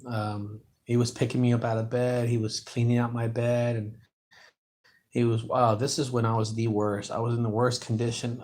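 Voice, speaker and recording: A man talks loosely and warmly to his channel's viewers from a hospital bed. His voice sits at an average pitch, and he wanders from one thought to the next. He fills gaps with "man" and "I'm telling you". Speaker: junk removal business owner and channel host. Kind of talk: casual livestream chat. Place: hospital room.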